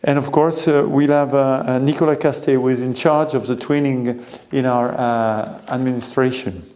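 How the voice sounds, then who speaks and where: A man with a French accent giving a formal ceremony speech, halting often with many hesitations. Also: medium pitch, fairly even intonation, a little mellow. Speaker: delegation committee member.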